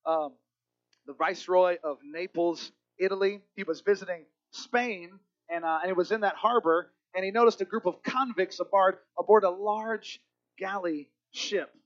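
Earnest guy preaching, goes quiet to drive points home, dull muffled recording. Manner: earnest, often drops to a low hush for emphasis. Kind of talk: sermon.

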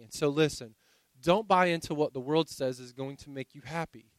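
A man's voice: a little high, fast talker, no echo. A man preaching a sermon in a conversational way, often repeating words as he searches for the next thought. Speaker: pastor.

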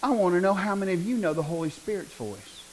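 A middle-aged man preaching a sermon, joking and building to loud bursts. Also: high-pitched, fast, slight background noise, rough recording. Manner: animated, joking, preaching with rising bursts and laughter.

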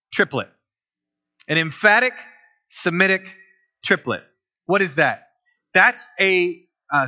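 A man's voice: high-pitched, pushed and bright. A man preaching as a pastor, in a conversational style full of rhetorical questions. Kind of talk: sermon. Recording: dull lo-fi recording.

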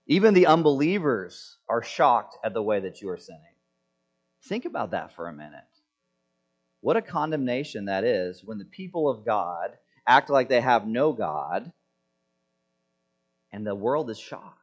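A man's voice: mid-range voice, big pitch swings, a little slow. Emphatic preacher man, muffled sound. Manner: emphatic, rhetorical questions, swings from loud to hushed. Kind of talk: expository sermon.

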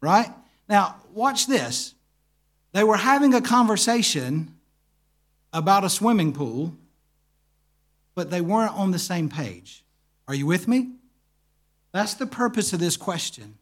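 A man with a high voice for his sex teaches a church group in a relaxed, conversational way. He tells stories with animation and keeps checking in with his listeners by asking them questions. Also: measured pace, pauses often.

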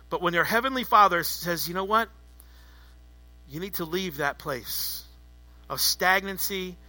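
A male pastor delivers a sermon with emphatic, repeated phrases. His voice sits high and cuts through with a very bright edge. The sound is dry, with no room echo. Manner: emphatic, rhetorical, repetitive.

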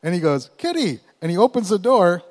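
A man preaching at a church, telling a story in a folksy, animated way with chuckles in between. His voice sits a bit higher than most men's. A long reverb trails off each phrase, as if in a large hall. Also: fast talker. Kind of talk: sermon storytelling.

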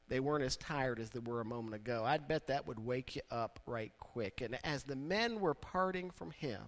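A man preaching a sermon in a conversational way, building now and then to loud, emphatic peaks. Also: on the high side. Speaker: pastor.

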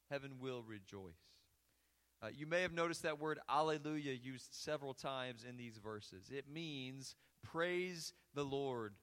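A man's voice: medium pitch, expressive, unhurried, a bit bright. Man preaching in a reverberant sanctuary. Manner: earnest preaching, reads scripture aloud with rising emphasis. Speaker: pastor. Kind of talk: sermon. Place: church sanctuary. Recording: long hall reverb.

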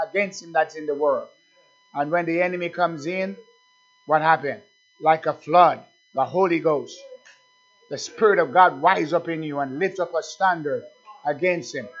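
Fervent preacher man, lo-fi sound. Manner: fervent, rising to shouted hallelujahs and dropping to low asides; halting with many fillers and restarts. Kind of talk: sermon. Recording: dull lo-fi recording.

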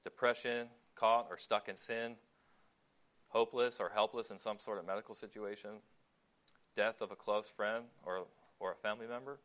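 This low-pitched male preacher keeps his sermon easygoing and chatty, putting questions to the audience. His speech pauses on fillers along the way.

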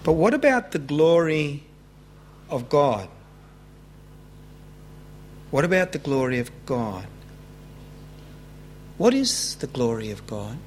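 A man preaching a sermon in an earnest way, rising in pitch when he stresses a point. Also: sing-song, a little hiss or hum. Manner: earnest, rising with emphasis, slow deliberate preaching. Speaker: pastor.

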